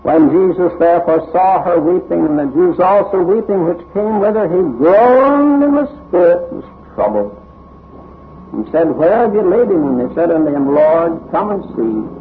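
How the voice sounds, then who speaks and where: A man's voice: on the high side, a little hiss or hum. A man preaching a sermon, reading scripture aloud with dramatic emphasis. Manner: expressive, dramatic emphasis, unhurried delivery. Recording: tinny narrow-band recording.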